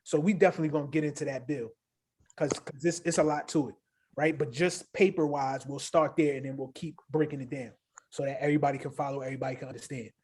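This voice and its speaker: A man co-hosting a casual crypto livestream, talking in an animated, hyped way with a habit of tagging "right?" onto his sentences. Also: a little high, fast, slight background noise. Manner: animated, hyped, repeats himself with filler "right?". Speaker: crypto show co-host.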